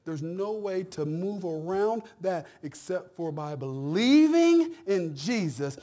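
A middle-aged man preaching a sermon as pastor, in a folksy, conversational way, repeating phrases and swinging between hushed and loud. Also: on the high side.

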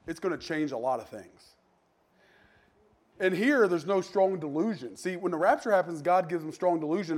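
Animated, slightly high-voiced male preacher. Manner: animated, with sudden jumps in pitch and loudness; conversational, joking asides. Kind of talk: sermon.

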